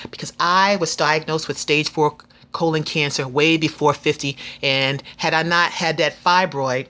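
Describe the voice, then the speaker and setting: A woman in her fifties talking straight to her viewers in a casual vlog. Her voice is bright and forceful. She is frank, earnest and full of faith, and she often stops and restarts her sentences. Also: sits low. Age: 50s. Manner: chatty with frequent restarts. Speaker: vlogger.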